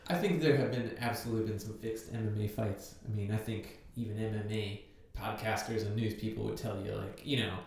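A man in casual podcast chat, giving relaxed opinions. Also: fairly low pitch, fairly quick, few pauses. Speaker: podcast participant. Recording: very echoey room, distant mic.

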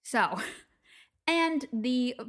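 A woman's voice: high-pitched, lively intonation, drawn-out words. A woman co-hosting a podcast in casual chat, telling stories animatedly, acting out quotes and swearing freely. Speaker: podcast co-host.

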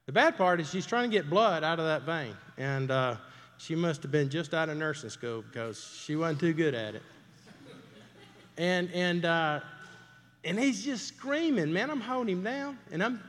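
Brief: middle-aged man, folksy storytelling preacher, slightly high, animated voice, echoing church hall. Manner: folksy, conversational, asks the crowd questions. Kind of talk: storytelling sermon. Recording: long hall reverb.

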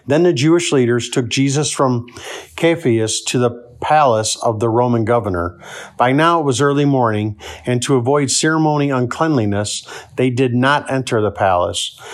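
Man reading scripture at steady pace. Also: mid-range voice. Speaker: scripture reader.

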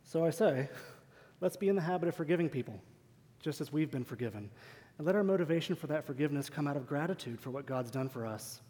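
A man's voice: on the high side, animated, fast, mellow. A man preaching a sermon in a church, earnest and emphatic, asking rhetorical questions of the congregation. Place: church sanctuary. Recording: long hall reverb.

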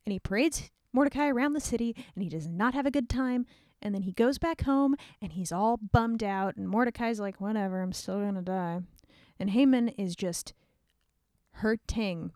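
A woman podcast host narrating an old story in a lively, slangy, conversational way. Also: a little high, moderate pace, no echo, clean studio sound.

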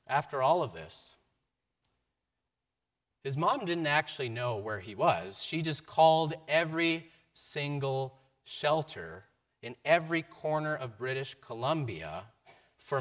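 A man giving a sermon, telling a story with varied emphasis and a mid-pitched voice. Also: big pitch swings, takes it slowly, fairly bright tone. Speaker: preacher.

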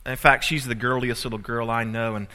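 Bright-voiced preacher man in a reverberant hall. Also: mid-range voice, steady tone, a little fast. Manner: storytelling with humor and rising emphasis. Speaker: pastor. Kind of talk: sermon.

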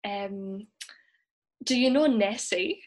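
Unhurried Scottish woman, chatty guest. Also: medium pitch, crowd noise. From Scotland. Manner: relaxed, chatty, laughs often, many ums. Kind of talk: casual interview chat.

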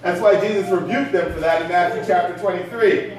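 A man's voice: high-pitched, a little fast, crowd noise. A man preaching a sermon to his congregation in a conversational way, often asking rhetorical questions. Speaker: pastor. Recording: echoey hall from far off.

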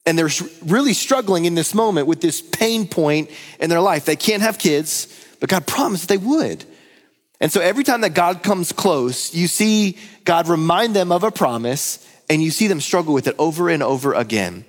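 Pastor preaching in an echoey hall. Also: male voice, fairly high pitch, moderate pace. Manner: storytelling, lively and conversational. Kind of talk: sermon. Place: church hall. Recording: long hall reverb.

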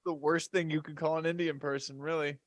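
A young man in his twenties throws in crude, teasing jokes as a podcast co-host. His voice sits a little higher than most men's. The recording is dry and close. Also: level tone, brisk, dry recording. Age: 20s. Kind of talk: casual banter.

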